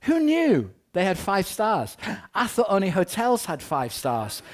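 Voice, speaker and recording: A man giving a humorous talk, telling a rambling anecdote full of wry asides and quick jokes. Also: sits high, wildly swooping pitch. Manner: rambling, often restarts with "anyway". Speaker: keynote speaker.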